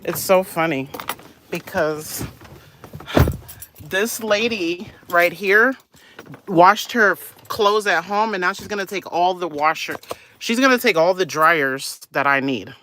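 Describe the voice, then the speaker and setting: A vlogger live-streams on her phone from a laundromat, offering nosy, gossipy running commentary and often dropping to a hush. Her voice sits on the low side, and she takes it slowly.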